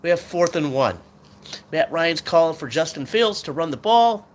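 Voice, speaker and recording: A man's voice: on the high side, expressive, normal speed. Frustrated ranting sports fan man. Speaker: sports talk host. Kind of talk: sports rant podcast.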